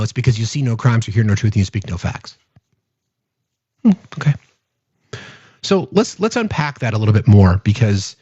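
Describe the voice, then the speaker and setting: A man's voice: fairly high pitch, darkish tone, breathy edge, no echo, dull audio. Exasperated man ranting on a stream. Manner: exasperated, sarcastic, rhetorical questions. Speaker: political commentary host. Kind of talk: live-stream political commentary.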